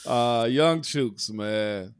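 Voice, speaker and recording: A man's voice: medium pitch, very slow, clear, resonant tone, dry recording. A man co-hosting a sports podcast, talking casually and emphatically with rhetorical questions. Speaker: former football lineman, co-host.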